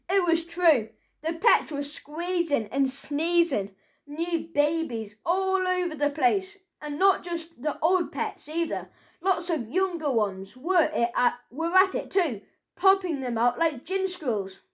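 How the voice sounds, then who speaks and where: A woman narrating a children's audiobook in a playful, expressive storytelling manner. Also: sits high, a little slow. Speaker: audiobook reader.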